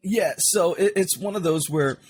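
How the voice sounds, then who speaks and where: A voice actor appears as a podcast guest, chatting casually and animatedly acting out quotes as he explains things. His voice sits high at a moderate pace, with slight background noise.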